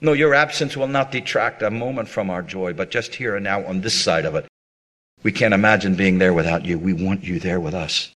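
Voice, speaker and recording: A man's voice: on the low side, fairly quick, a bit bright. A man preaching a sermon in an earnest, appealing way, with dramatic rises and drops in his voice.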